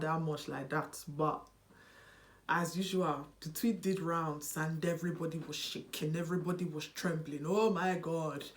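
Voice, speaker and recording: A young British woman chatting on her vlog in an animated, playful way, switching between a British and a Nigerian accent. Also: on the low side. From United Kingdom. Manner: animated and unserious. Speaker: vlogger. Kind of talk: casual vlog chat.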